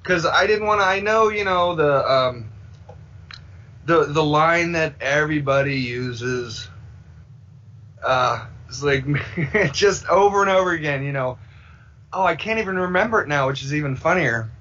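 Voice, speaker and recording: A man's voice: fairly high pitch, a little slow, sharp tone. A man guesting on a podcast, rambling casually and acting out the voices he quotes. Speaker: filmmaker guest. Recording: dull lo-fi sound.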